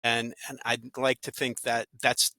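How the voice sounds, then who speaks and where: This is a man speaking as an interview guest in an easygoing, upbeat way. His voice is very bright and forward. The sound is dry and close, with no room to it. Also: mid-range voice, monotone, a little slow, no room sound. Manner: upbeat storyteller, acts out little quoted voices. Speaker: podcast guest, actor and good-news podcaster. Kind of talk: casual interview talk.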